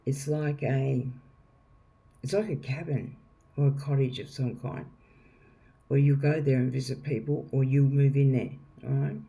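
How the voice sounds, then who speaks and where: A man's voice: mid-range voice, fairly even intonation, a little slow, pauses often, warm tone. A man giving a casual, rambling tarot reading to viewers, repeating himself and often checking in with "okay?". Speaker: tarot reader.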